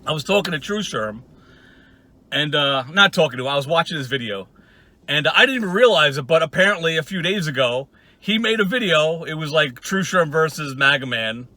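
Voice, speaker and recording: A man's voice: a little high, expressive, a little fast, bright, forceful tone, no room sound. A man hosting his own channel, ranting casually in a profane, sarcastic and rambling way. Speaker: channel host.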